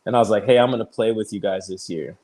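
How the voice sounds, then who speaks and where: A man in his thirties, a pitcher guest on an interview show, telling his story casually, peppered with "like" and easy laughs. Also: fast talker, warm tone. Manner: chatty, fills speech with "like", retells conversations; laughs easily while telling stories.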